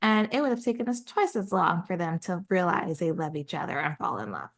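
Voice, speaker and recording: Animated woman retelling a story. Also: a little fast. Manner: animated retelling, jumps high to voice characters. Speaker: podcast co-host. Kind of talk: casual book chat.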